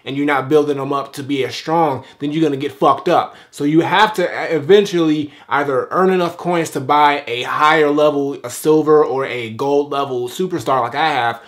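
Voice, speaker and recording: A man's voice: on the high side, normal speed, few pauses. Casual, cussing male game reviewer. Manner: loose, profane, rambling while playing. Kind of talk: casual gameplay commentary.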